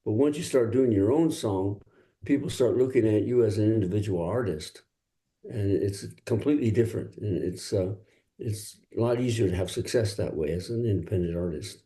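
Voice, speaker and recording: A man's voice: fairly low pitch, normal speed, dark tone. An older man from Los Angeles, a singer-songwriter guest, telling easygoing, rambling stories in a casual interview.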